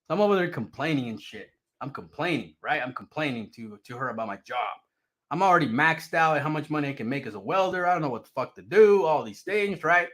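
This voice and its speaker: A man's voice: fairly high pitch, fast talker. A man casually telling a personal story, swearing freely and laughing often. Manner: profane, animated, laughs often.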